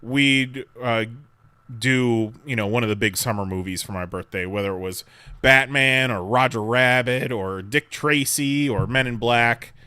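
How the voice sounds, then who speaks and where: Podcast co-host, male, bright animated voice, laid-back and profane, dry close mic. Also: mid-range voice, unhurried, clean tone, no echo. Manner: laid-back, swears casually, laughs often. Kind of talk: casual chat.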